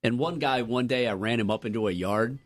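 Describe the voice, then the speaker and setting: A man co-hosting a radio morning show, telling stories casually and jumping up in pitch when he quotes people. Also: a little fast, over music. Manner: animated, jumps up in pitch for quoted lines. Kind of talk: casual storytelling chat. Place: radio studio.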